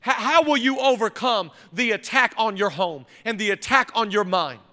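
A man's voice: high-pitched, moderate pace, pushed and bright. A male pastor preaching a sermon in a conversational, emphatic way, with repeated phrases, recorded in a large church auditorium. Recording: long reverb of a big hall.

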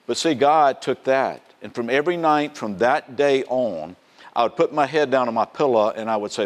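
A man's voice: medium pitch, expressive, fairly quick. A man preaching a sermon in a conversational way, often asking the congregation rhetorical fill-in questions. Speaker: pastor.

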